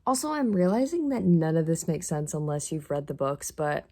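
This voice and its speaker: A woman giving a casual reading vlog recap, chatty and excitable, with lots of "like" and "literally". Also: sits low, normal speed. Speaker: book vlogger.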